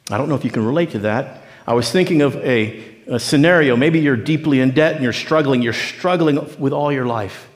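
A man's voice: medium pitch, a little fast, big-room sound. A man preaching a sermon, telling a story and acting out its people in dialogue. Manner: storytelling preacher who acts out the figures in dialogue. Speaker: pastor.

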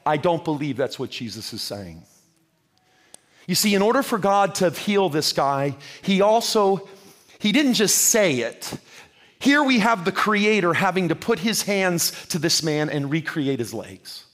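A man's voice: high-pitched, very animated, measured pace, a bit bright. A man preaching a sermon with fervent, rhythmic delivery, addressing his listeners as friends.

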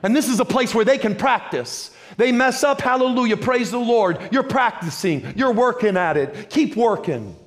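High-voiced man preaching a lively sermon. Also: moderate pace, hardly any pauses. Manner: lively, humorous preaching with repeated phrases. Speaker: pastor.

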